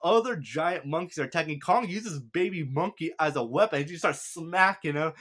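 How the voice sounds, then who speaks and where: A man's voice: fairly high pitch, normal speed, few pauses, fairly bright tone. A man giving a casual, rambling spoken movie review, often laughing and correcting himself.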